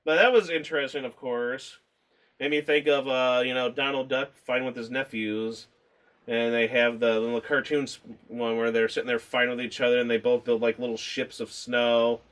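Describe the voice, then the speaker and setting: A man's voice: medium pitch, level tone, normal speed, a bit bright. A man co-hosting a casual movie review chat, rambling, swearing freely and laughing as he talks.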